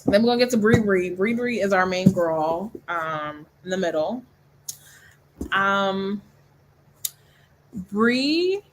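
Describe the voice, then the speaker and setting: A woman's voice: mid-range voice, lively intonation, slow pace, pauses often, noisy background. A young woman hosting a book club livestream, chatting casually and animatedly, laughing often and acting out scenes in voices. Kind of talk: casual chat.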